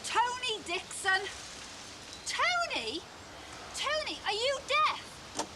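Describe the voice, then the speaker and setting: A brash, chatty woman neighbour. She calls out loudly and stretches her words, in a very high voice that swoops all over. The sound is a noisy TV broadcast. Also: sing-song, exaggerated voice. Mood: brassy. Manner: loud, brassy, drawn-out calls.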